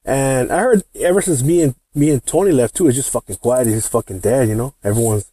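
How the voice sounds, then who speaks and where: A man's voice: mid-range voice, quick pace, mellow, breathy edge, no room sound. A man hosting a podcast, telling a personal work story in a heated, profane, slangy way. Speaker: podcast host. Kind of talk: casual storytelling.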